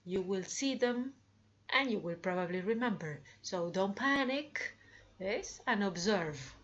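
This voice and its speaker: A woman's voice: mid-range voice, lively intonation, fairly bright tone, highs cut off. A woman teaching English comparatives, drawing out her examples and cheerfully prompting her students. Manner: slow, drawn-out examples with upbeat prompts. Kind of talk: grammar lesson.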